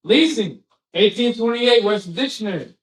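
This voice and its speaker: A man reading scripture aloud in a slow, measured way. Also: sits high, expressive. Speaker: scripture reader. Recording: echoey room, far from mic.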